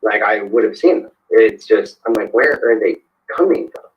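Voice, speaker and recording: A man's voice: fairly low pitch, very animated, moderate pace. A man, a podcast guest, telling a personal story in a conversational way, hesitant, with many fillers and restarts. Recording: dull lo-fi sound.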